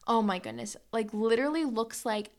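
A chatty woman, her voice sitting a little high. She giggles often and talks to listeners like friends in a relaxed podcast chat. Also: fairly quick. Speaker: podcast co-host. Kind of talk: casual chat.

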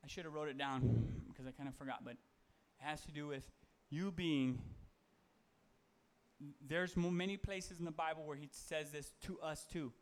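A man's voice: fairly high pitch, normal speed. A man giving a casual, conversational sermon, reading Bible verses and talking them through with fillers and self-corrections. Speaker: preacher.

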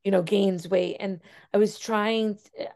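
A woman's voice: mid-range voice, fairly even intonation, unhurried, a little mellow. A young adult woman teacher, a podcast guest, telling a personal story earnestly with many fillers. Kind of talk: casual interview conversation.

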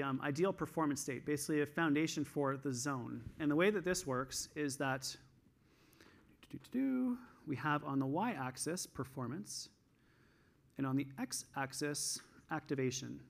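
Male keynote speaker, Canadian, high-energy storyteller, pitched a bit high. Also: moderate pace. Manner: highly energized, animated storytelling. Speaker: conference speaker and coach. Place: conference hall stage.

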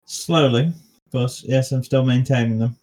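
A young man hosts a relaxed podcast conversation with a mid-pitched voice. He hesitates, restarts his sentences and laughs often. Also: a little slow. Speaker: podcast host. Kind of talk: casual chat.

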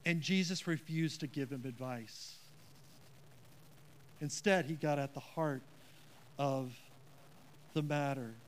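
A man's voice: a little high, takes it slowly, pauses often, a little hiss or hum. A man preaching a sermon as pastor, earnest and emphatic, with a self-deprecating touch.

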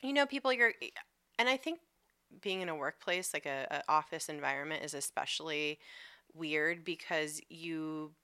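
A woman's voice: sits low, normal speed, pushed and bright, clear, resonant tone, no room sound. A woman chatting casually as a podcast co-host, telling a work story full of swearing and filler words. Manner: profane, storytelling with lots of "like". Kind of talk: casual chat.

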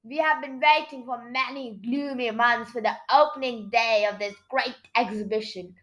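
A woman's voice: fairly high pitch, moderate pace, fairly bright tone, lightly acted, poor audio. A woman reading aloud and voicing a long-winded, pompous male mouse mayor.

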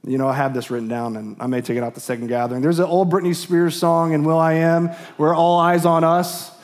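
A man's voice: on the high side, steady tone, brisk. A middle-aged man preaching a sermon as pastor, earnest and repetitive, often restarting his words. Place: church sanctuary.

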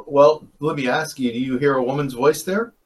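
A man's voice: mid-range voice, fairly even intonation, moderate pace, heavy background noise. A man telling stories from paranormal investigations in casual chat, rambling and often correcting himself. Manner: rambling, self-correcting, chuckles. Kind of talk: casual storytelling.

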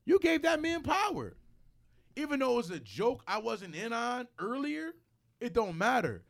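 Animated, high-pitched man telling a story. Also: moderate pace, gravelly. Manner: animated, acts out other people's lines while storytelling; blunt and profane. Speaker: podcast host. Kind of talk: casual chat, storytelling.

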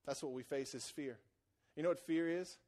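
A man preaching a sermon as pastor in a church, repeating phrases for emphasis and swinging between quiet, intense passages and loud, excited ones. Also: on the high side, moderate pace.

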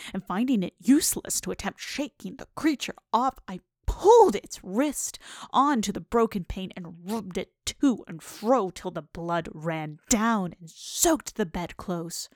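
A woman host, a librarian, giving a scripted narration and a dramatic reading in a hushed, whispery storytelling manner. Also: fairly high pitch, no room sound, studio quality.

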